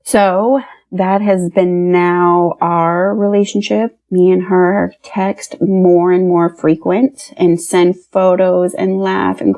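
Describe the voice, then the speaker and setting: A woman's voice: fairly low pitch, dark tone. A woman in her thirties from Pennsylvania, telling her personal story as a podcast guest and acting out the dialogue as she retells it. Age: 30s.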